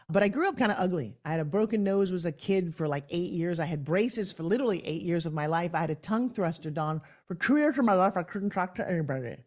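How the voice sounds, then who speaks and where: A woman guest on a podcast, a professional coach, telling her story in an energetic, emphatic way. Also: fairly low pitch. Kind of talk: podcast interview.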